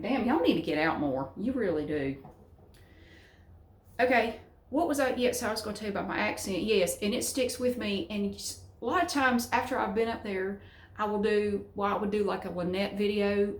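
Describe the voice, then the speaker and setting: A woman's voice: mid-range voice, normal speed. A middle-aged woman with a Southern US accent chatting frankly to camera at home, rambling from one story to the next and cursing freely. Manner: rambling, frank, salty language. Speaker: vlogger. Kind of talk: casual chat to camera. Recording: roomy echo.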